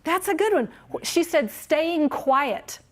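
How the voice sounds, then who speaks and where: A woman running a training session for museum tour guides, speaking in a fairly high voice. She is animated and encouraging, and she laughs easily between her points. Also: slow. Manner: lively, encouraging, laughs often. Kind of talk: training workshop talk.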